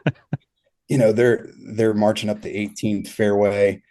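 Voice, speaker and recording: Low, mellow-voiced man telling stories. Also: level tone, measured pace. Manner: rambling, filler-heavy storytelling with frequent laughs. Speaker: turf industry consultant, guest. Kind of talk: casual interview storytelling.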